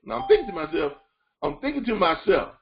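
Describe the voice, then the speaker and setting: A man leading a training call, coaching listeners with repetitive, animated talk. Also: high-pitched, a little fast, gravelly, highs cut off. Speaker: freight broker trainer.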